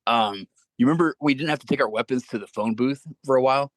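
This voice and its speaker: A man talks at a fast clip, telling profane anecdotes as a podcast guest. His voice is recorded close, with a dry sound and no room. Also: medium pitch, no room sound. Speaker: guest, former Marine. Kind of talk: casual storytelling.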